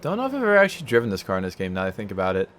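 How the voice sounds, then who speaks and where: His fairly low, fairly bright voice swoops wildly in pitch as he fires off words rapidly. The let's play gamer rambles casually through a racing game at home, mocking himself and singing silly stutters, over a slight hiss or hum.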